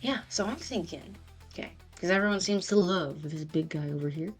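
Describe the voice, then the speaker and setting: A woman's voice: on the low side, a little fast, breathy edge, soft background music. A woman voicing a chatty young male hustler with wheedling salesman patter, in a tabletop game. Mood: scheming.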